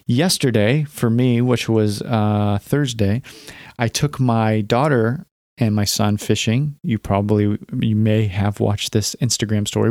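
A man in his thirties hosts a podcast, casually telling a personal story in a candid, rambling way full of fillers and restarts. His voice sits on the low side with a darkish tone, in a dry, studio-quality recording.

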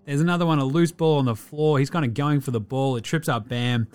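A man's voice: mid-range voice, fairly even intonation, fairly quick, a little mellow, smooth, faint music behind. A man hosting a podcast, giving a casual, profane, rambling basketball recap. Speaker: podcast host.

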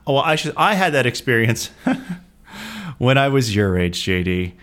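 A man's voice: medium pitch, lively intonation, unhurried, fairly bright tone. A man in his thirties with an American accent co-hosting a casual movie podcast, teasing with dry jokes and ranting with energy. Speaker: podcast co-host. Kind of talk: casual movie review chat.

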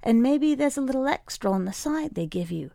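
A woman reading a short story aloud, voicing a sharp-tongued older woman anarchist who needles a manager knowingly. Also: high voice, animated, a little fast, vocal fry, no room sound, studio quality, pitched above the performer's own voice. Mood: needling.

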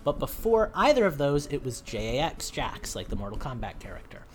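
Female co-host, deep for a woman, lively pitch, chatty and rambling. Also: a little fast. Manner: chatty, rambling with many ums. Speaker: podcast co-host. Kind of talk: casual gaming podcast chat.

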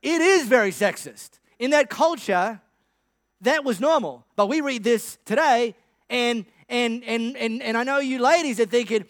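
A man's voice: very high voice, unhurried, dry recording, clean studio sound. A man preaching a sermon, retelling the story with a humorous, playful storytelling manner.

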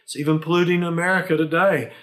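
A man's voice: on the high side, fairly even intonation, fast, fairly bright tone. A man preaching a sermon as a pastor, earnest and emphatic, asking his listeners rhetorical questions.

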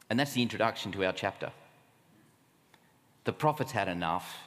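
Animated Australian man preaching in a hall. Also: fairly low pitch, normal speed, long pauses. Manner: animated, conversational preaching with rhetorical questions. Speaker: camp speaker. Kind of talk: sermon. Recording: long hall reverb.

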